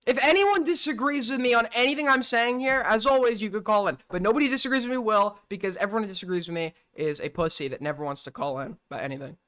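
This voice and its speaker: A man's voice: sits high, quick pace, hardly any pauses, a bit bright, smooth. A man hosting a livestream call-in show, talking bluntly and profanely and firing off rhetorical questions. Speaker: streamer host taking call-ins. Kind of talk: casual livestream commentary.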